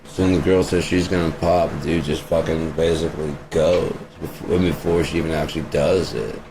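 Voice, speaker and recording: Deep-voiced male vlogger, crude and blunt, ranting from a car with road hum behind him. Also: normal speed. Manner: profane, blunt, fires off rhetorical questions. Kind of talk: rambling opinion rant. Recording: steady vehicle road noise behind voice.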